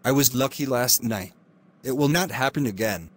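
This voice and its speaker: A man's voice: medium pitch, moderate pace, natural voice. A man voicing a frightened young miller's daughter who pleads in a raised voice. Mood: worried.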